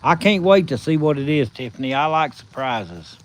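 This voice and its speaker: A man with a Southern US accent hosting a casual live stream from his phone, telling stories in a folksy, drawn-out way. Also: a little high, animated, background noise. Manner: folksy, drawn-out storytelling with chuckles.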